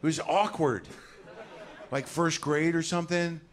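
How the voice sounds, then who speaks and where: A man's voice: a little high, fairly even intonation, a little slow. A man in his forties doing a stand-up comedy set on stage, ranting neurotically and acting out little scenes. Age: 40s. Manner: neurotic, ranting, acts out voices. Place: comedy club stage before a live audience.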